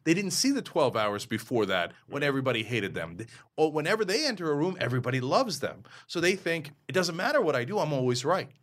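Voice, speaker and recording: A man being interviewed on a podcast, talking in an emphatic, quick way and breaking often into mimicry and laughter. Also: on the high side, sing-song, fairly bright tone. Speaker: interview guest, media founder. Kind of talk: animated podcast conversation.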